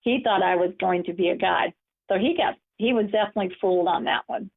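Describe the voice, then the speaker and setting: A woman's voice: medium pitch, fast talker, creaky. A woman empowerment coach giving a webinar presentation, telling personal stories in an encouraging way. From United States. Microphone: webinar call audio. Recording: phone-like narrow audio.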